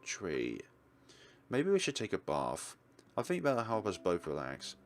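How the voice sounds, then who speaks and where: A man voicing a protective, tender young wolf who talks softly and reassuringly. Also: sits low, huge pitch swings, measured pace, soft background music, exaggerated voice. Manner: soft, reassuring.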